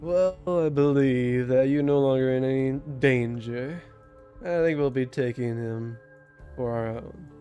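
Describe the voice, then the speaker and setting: A man's voice: medium pitch, measured pace, warm tone, highs cut off, soft background music, close to an everyday voice. A man voicing a smug, flirtatious male succubus demon in a tabletop game, drawing out his words with a teasing lilt.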